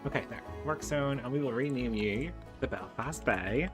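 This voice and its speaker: A man's voice: mid-range voice, normal speed. A man giving casual game commentary, chatting through each step and talking fondly to the animals on screen. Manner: chatty, narrates his own clicks and talks fondly to the animals. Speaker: gaming YouTuber. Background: game background music.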